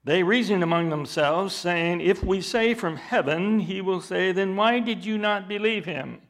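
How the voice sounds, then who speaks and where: A high-voiced man gives an expository sermon, reading scripture aloud with dramatic emphasis. His explanation is slow and deliberate, and his intensity rises over time.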